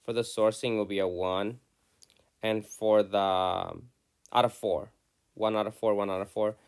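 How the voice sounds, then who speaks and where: A man's voice: lowish voice, fairly even intonation, measured pace, gravelly, clean tone. A man teaching a class, reading a student's narrative aloud and stopping often to point out problems in its structure and dialogue. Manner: reads student text aloud then comments, with many restarts.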